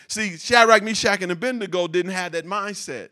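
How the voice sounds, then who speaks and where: Bright-toned guy preaching, kinda high voice, gets animated and repeats himself to drive it home. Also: moderate pace, hardly any pauses. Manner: animated, laughing asides, repeats words for emphasis. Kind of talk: sermon.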